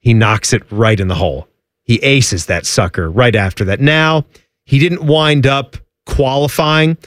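A man co-hosting a sports radio show, bantering and joking with quick asides. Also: medium pitch, fairly bright tone, no echo, clean studio sound.

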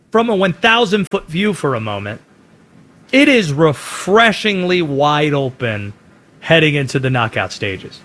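High-voiced man giving sports commentary. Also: bright, forceful tone. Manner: brisk, opinionated delivery with quick name lists. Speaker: sports show host.

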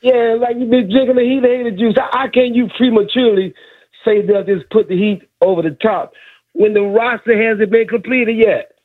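A caller pushes back hard, tripping over his own words as he argues. His voice is high and comes through a thin, phone-like line. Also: moderate pace. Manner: combative, stammering. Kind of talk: argumentative sports radio call-in.

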